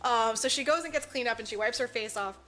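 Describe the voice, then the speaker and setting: A woman's voice: on the high side, fast talker. A woman podcast co-host recapping a movie in casual chat, swearing freely and mimicking the characters as she goes. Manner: animated, profane storytelling, mimics characters.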